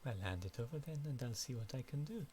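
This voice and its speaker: A man's voice: mid-range voice, lively intonation, fast talker, darkish tone, slight background noise, lightly acted. A man voicing an older, evasive village washwoman in a video game, speaking in a guarded, folksy way.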